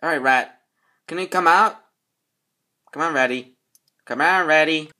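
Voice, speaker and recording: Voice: medium pitch, a little slow, bright, forceful tone. A hobby performer voicing a male building repairman in an amateur toy role-play, rambling and full of fillers. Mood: coaxing.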